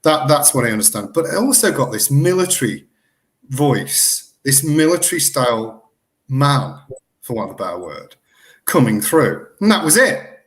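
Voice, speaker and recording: A middle-aged man telling a story as a guest in an interview, excitable and animated, often restarting his sentences. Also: medium pitch, moderate pace. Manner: animated, excitable retelling with lots of self-corrections. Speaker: guest researcher.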